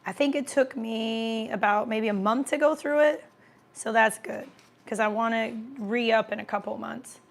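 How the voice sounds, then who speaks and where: A chatty woman hosting a casual livestream, answering viewer comments while she eats. Her voice sits a bit high and carries a gravelly, fry-tinged edge. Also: moderate pace. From American Midwest. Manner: chatty, reads comments aloud, talks while eating.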